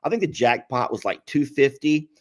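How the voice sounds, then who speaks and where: A man co-hosting a casual chat show, telling a story with a lot of energy. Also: normal speed. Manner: animated storyteller, pitch jumping up when excited. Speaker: podcast co-host.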